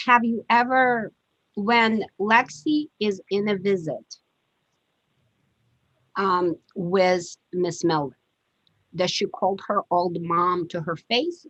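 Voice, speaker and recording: A woman attorney questioning a witness in a court hearing over a video call, measured and often pausing with fillers. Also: lowish voice, steady tone, fairly bright tone, no room sound. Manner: measured, hesitant with frequent fillers. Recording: dull dry video-call audio.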